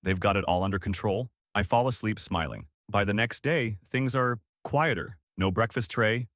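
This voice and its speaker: A man's voice: fairly low pitch, normal speed, fairly bright tone, dry recording, clean studio sound. A man in his thirties narrating a first-person story from a script, in a wry, sarcastic way.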